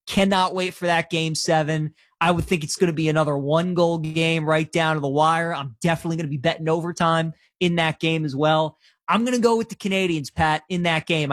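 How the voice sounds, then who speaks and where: A man co-hosting a sports talk show, breaking down a series and making his picks in a chatty, animated way. His voice is somewhat high, recorded dry and close. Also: dry recording.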